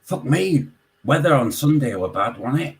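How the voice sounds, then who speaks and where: A man with a Yorkshire accent, calling in and telling a story in casual chat, swearing constantly and animated. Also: medium pitch, normal speed, low-quality recording. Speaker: caller.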